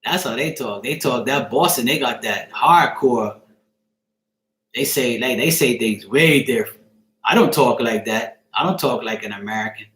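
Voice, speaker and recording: A man's voice: medium pitch, normal speed, fairly bright tone. A Bermudian man chatting casually on a live stream, joking and swearing offhandedly as he answers viewers by name. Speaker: live streamer reading chat. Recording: echoey room.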